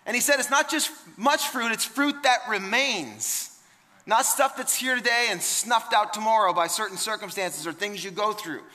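A man's voice: high-pitched, normal speed, bright, forceful tone, big-room sound. A man preaching a sermon in an emphatic, conversational way, often repeating words and restarting phrases. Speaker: pastor.

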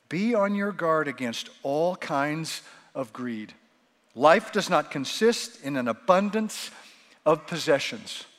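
A man preaching a sermon as pastor, lively and animated, acting out the voices of the people he quotes. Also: high-pitched, long reverb tail.

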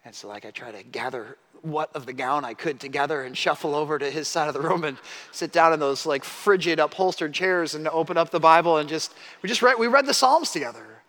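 A middle-aged man preaches a storytelling sermon in a large hall with a long reverb. His voice is bright and slightly high for a man. He drops to hushed asides and builds to loud, emphatic peaks. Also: brisk. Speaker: pastor.

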